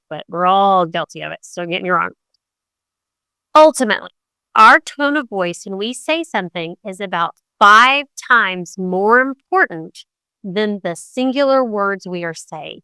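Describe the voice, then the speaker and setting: A middle-aged woman hosting a podcast, talking casually and acting out the quoted tones of voice with big jumps in pitch. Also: bright, forceful tone, clean tone, no echo. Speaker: podcast host. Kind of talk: conversational monologue on communication.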